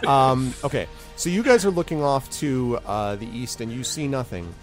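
A man's voice: mid-range voice, normal speed, faint music behind. Easygoing man running a tabletop game. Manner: relaxed, with many fillers. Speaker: game master.

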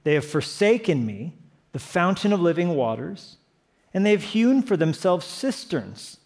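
With big pitch swings and a measured pace, a man whose voice sits slightly above typical male pitch delivers a sermon as pastor. His passion moves him from quiet earnestness to emphatic exclamations that rise to impassioned peaks.

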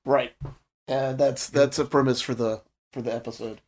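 Male guest, mid-pitched voice, short casual answers. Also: fairly even intonation, moderate pace, darkish tone, a little hiss or hum. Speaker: podcast guest. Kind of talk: casual chat.

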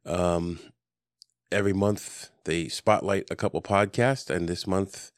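Low-voiced rambling male podcast host. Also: fairly even intonation, measured pace, no echo, clean studio sound. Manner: rambling, jokey, lots of ums. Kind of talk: casual chat. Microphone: desk podcast mic.

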